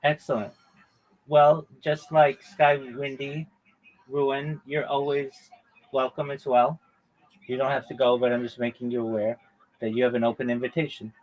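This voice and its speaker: A man's voice: medium pitch, little pitch movement, moderate pace, a little mellow, rough recording. A man hosting a voice-chat livestream, talking in a friendly, welcoming way. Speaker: host.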